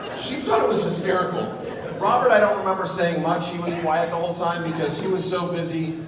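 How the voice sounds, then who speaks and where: Animated groom telling a story in an echoey hall. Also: male voice, on the high side, normal speed, over a noisy crowd. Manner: animated, self-mocking storyteller. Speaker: groom giving a wedding speech. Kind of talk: comedic storytelling speech. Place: large reception hall. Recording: echoey hall, voice from far off, audible room noise.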